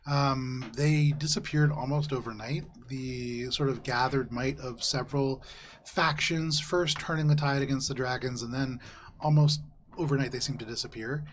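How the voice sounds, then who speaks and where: A man running a tabletop game as game master, describing scenes in a measured, descriptive way with small hesitations. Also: medium pitch, steady tone, a little hiss or hum. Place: live tabletop session with players around.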